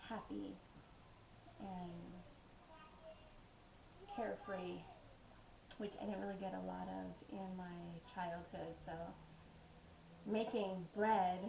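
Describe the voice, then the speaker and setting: A woman talks casually and rambles a little as she bakes in her home kitchen. Her voice sits at an ordinary middle pitch and bounces around a hard, echoey room. A faint hum runs underneath. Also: gravelly. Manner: chatty, rambling, laughs while telling stories. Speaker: home cooking vlogger. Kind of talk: casual storytelling while baking.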